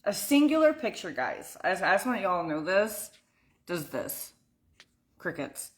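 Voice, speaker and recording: A woman's voice: fairly low pitch, sing-song, unhurried. A young woman talking casually on a live stream from home, blunt and swearing freely as she answers her viewers by name. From United States. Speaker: vlogger answering live chat.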